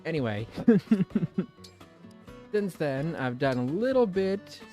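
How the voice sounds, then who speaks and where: A man's voice: a little high, very animated, slow, warm tone, faint music behind. A man streaming a video game, talking casually to his viewers in a rambling, self-mocking way and swearing freely. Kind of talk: casual let's-play commentary.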